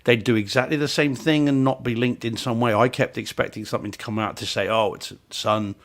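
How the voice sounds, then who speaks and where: Male podcast co-host, middle-pitched, casual and opinionated, tends to restart sentences. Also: fairly even intonation, brisk. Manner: opinionated, jokey, frequent restarts.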